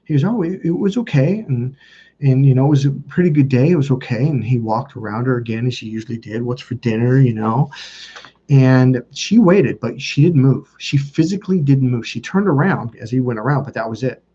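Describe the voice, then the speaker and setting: Rambling, profane man with a dark, husky voice. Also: medium pitch, brisk. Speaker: dating coach. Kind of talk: casual storytelling monologue. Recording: dull lo-fi sound.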